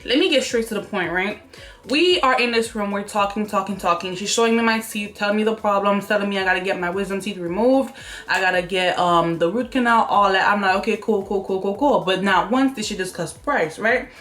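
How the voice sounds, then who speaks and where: A young woman telling viewers a story in a casual vlog at home, animated and chatty, acting out what people said to her. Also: medium pitch, fairly quick, soft background music. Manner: animated, talks straight to viewers, acts out quotes. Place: room at home by an open window.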